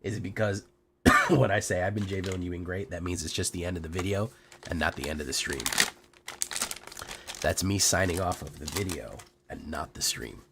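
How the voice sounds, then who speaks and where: A man streaming and commenting casually on his gameplay, hoarse from being sick, relaxed and joking, with asides he mumbles under his breath. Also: sits low, moderate pace, background noise. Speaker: game streamer.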